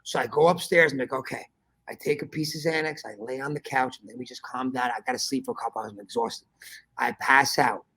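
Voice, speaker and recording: A man hosting a podcast, telling a story in animated casual chat, swearing often and calling his listener bro. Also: medium pitch, fast talker, slightly rough. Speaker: podcast host.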